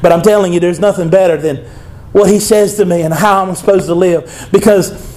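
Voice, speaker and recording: A man's voice: high-pitched, fairly even intonation, moderate pace, darkish tone. A male preacher, delivering a conversational sermon and reading scripture aloud.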